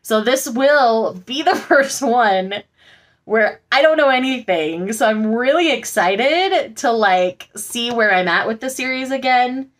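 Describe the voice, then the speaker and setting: A woman's voice: a little high, lively intonation, takes it slowly, fairly bright tone. A woman vlogger chatting casually and gushingly about the books she just bought, with frequent fillers. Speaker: book vlogger. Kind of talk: casual haul chat.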